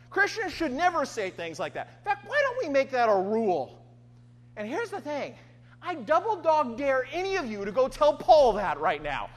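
A woman's voice: high-pitched, big pitch swings, moderate pace. A woman preacher delivering a sermon in an emphatic way, often asking her listeners "right?". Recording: long hall reverb, faint hum.

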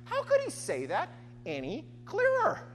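A woman's voice: high voice, wildly swooping pitch, unhurried. Emphatic woman preaching in a reverberant hall. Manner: emphatic, keeps asking "right?". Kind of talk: sermon. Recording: long hall reverb, faint hum.

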